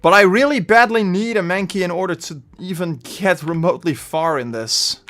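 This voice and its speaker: A man with a Dutch accent chatting through a live game stream, rambling and getting loudly frustrated at times. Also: high-pitched, normal speed, faint music behind. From Netherlands. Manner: chatty, bursts of frustration, trailing off.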